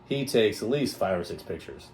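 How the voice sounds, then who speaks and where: A man's voice: lowish voice, expressive, moderate pace, a little mellow, slight background noise. A man co-hosting a podcast, telling stories in a rambling casual chat and mimicking other people's voices as he goes. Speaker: podcast co-host.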